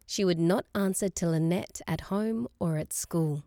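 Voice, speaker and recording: Audiobook narrator, woman, expressive and measured, dry close-miked studio sound. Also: on the low side, dry recording. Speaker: audiobook reader. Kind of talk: scripted narration.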